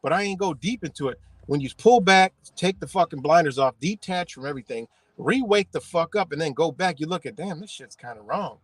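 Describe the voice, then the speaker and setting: A man's voice: on the high side, animated, fairly quick, hardly any pauses, breathy edge, no echo. A man, ranting profanely and rambling through a casual livestream while he drives his car. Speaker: livestream host.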